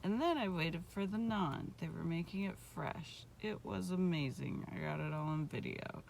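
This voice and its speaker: A woman's voice: on the low side, moderate pace, creaky, a little mellow, slight background noise, rough recording. A middle-aged woman vlogging a casual food review in a restaurant, chatty and rambling with lots of fillers.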